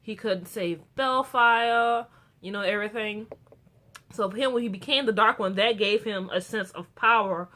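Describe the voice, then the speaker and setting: Chatty woman with a bright voice. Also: medium pitch, normal speed. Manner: rambling, chatty, with frequent restarts and fillers; gets excited and animated about the characters. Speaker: TV show reviewer. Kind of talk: casual episode recap review.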